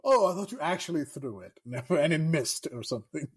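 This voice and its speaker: A man's voice: on the high side, lively intonation, normal speed, husky. A young man in his twenties, a podcast guest chatting casually and a bit hesitantly. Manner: hesitant, laughs along. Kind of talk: casual chat.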